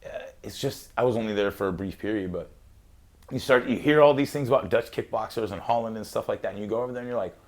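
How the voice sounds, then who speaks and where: Animated, swearing male podcast host. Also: lowish voice, fast talker. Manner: animated storyteller, acts out quotes, swears freely, laughs often. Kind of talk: casual chat.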